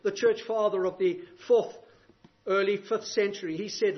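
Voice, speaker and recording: A man's voice: sits high, steady tone, moderate pace, lo-fi sound. A man preaching a sermon, using rhetorical questions and emphatic, varied delivery.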